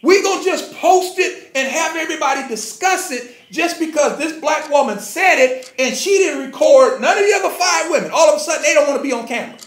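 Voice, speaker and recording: A man's voice: extremely high pitch, lively intonation, brisk, few pauses, a bit bright. A man giving a ranting commentary, sarcastic and mocking, with frequent profanity. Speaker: commentary vlogger. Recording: echoey room.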